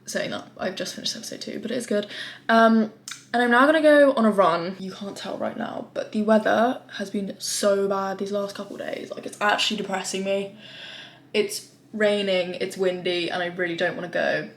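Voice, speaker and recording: A woman's voice: mid-range voice, fairly even intonation, normal speed. A young woman, talking casually and frankly to camera in a rambling vlog. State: out of breath. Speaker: vlogger. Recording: echoey room.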